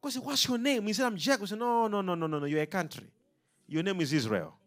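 A man's voice: high voice, lively intonation, fast talker, fairly bright tone, faint music behind. A man preaching a sermon, emphatic and rhythmic, throwing questions out to his congregation.

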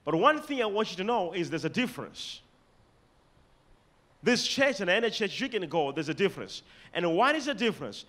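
High, lively Malawian preacher man. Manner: emphatic, dramatic swings in loudness and pitch, reads scripture slowly; directs congregation to repeat and underline words. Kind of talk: sermon.

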